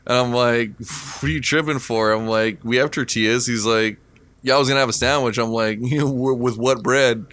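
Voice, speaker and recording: A man's voice: mid-range voice, steady tone, moderate pace, fairly bright tone. A man telling profane, laughing stories in a casual podcast chat. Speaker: podcast co-host.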